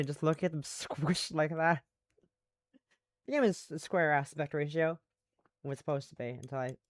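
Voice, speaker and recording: A woman's voice: low voice, darkish tone, no room sound. A woman streamer making casual, self-mocking, profane comments while playing a visual novel.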